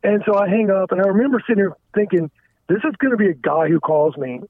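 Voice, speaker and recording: Caller: high-pitched man, halting and frank, heard over a thin dry phone line. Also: lively intonation, dry recording. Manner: halting, frank, stumbling restarts. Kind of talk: candid confessional phone talk. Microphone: telephone.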